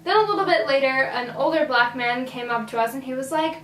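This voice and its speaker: A teenage girl with a high voice tells a rambling storytime, peppering every phrase with "like." She sits a little back from the mic in an echoey room, with a faint hum underneath. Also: brisk, fairly bright tone, recorded from a distance. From Virginia, USA. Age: teens. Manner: chatty, filler-heavy "like". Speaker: vlogger. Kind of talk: casual storytime.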